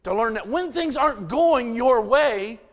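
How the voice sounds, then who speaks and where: Middle-aged male pastor, emphatic folksy sermon delivery, lively high voice; reverberant hall. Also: unhurried. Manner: emphatic, folksy preaching with personal stories.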